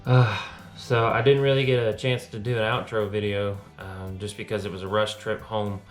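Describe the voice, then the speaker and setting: A man's voice: on the low side, moderate pace, soft background music. A man narrating his kayak fishing trip on a lake in a casual vlog, sometimes out of breath. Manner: excited outbursts when catching fish. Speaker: fishing vlogger.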